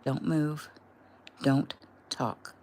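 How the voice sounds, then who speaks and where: A woman reading the lines of a calm, firm male rescuer in a low, steady voice. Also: extremely slow, slight background noise, full character voice. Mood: hushed.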